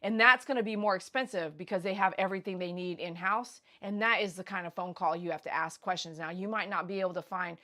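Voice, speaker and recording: A woman hosting a casual livestream, telling a story in an animated, blunt, slangy way with loud bursts. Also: on the low side, fast talker, few pauses. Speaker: pet groomer host. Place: grooming shop.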